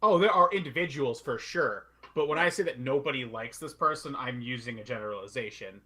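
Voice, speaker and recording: Blunt man with a bright voice. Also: mid-range voice, brisk. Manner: emphatic, blunt. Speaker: podcast co-host. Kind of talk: casual chat.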